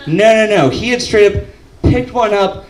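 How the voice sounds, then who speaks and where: A young man doing stand-up, telling a story deadpan and shouting the punchlines. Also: sits high, normal speed. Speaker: stand-up comedian. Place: comedy club stage. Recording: roomy club audio from a distance. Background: audience laughter.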